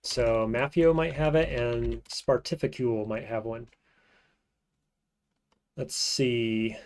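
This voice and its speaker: A man streaming a roguelike, thinking aloud in casual gameplay commentary and often trailing off into quiet mutters. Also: mid-range voice, steady tone, takes it slowly.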